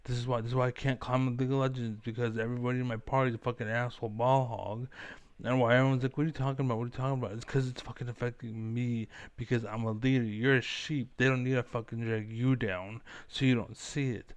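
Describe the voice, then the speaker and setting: A man in a gaming live stream keeps up a rambling, profane rant over the play. His voice is smooth and resonant at an ordinary pitch, and it is caught close on a mic with no room around it. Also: level tone, fast talker, dry recording.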